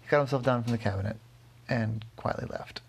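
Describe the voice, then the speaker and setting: A father spins a bedtime story in a low, gravelly voice with a husky edge. He wanders and corrects himself as he goes, keeping the tone soft and unhurried. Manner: rambling, self-correcting, gentle. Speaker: father telling his daughter a bedtime story.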